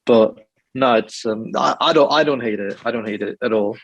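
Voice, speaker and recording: A man's voice: medium pitch, normal speed, no echo, highs cut off. A man with an English accent, chatting casually on a podcast roundtable and restarting his sentences often. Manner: hesitant, many restarts and fillers. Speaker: podcast panelist.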